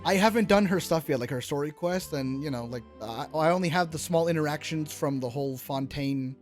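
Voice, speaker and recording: A young male host with a fairly high voice for a man chats loosely about a game, stumbling and restarting as he goes. Faint music plays under his voice. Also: a little fast. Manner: loose and rambling, with restarts and casual swearing. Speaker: gaming YouTuber host. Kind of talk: casual chat.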